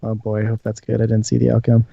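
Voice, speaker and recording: A man narrating as dungeon master in a tabletop game, lively and quick to laugh, now and then jumping into shouted character voices. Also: on the low side, vocal fry, no room sound, highs cut off.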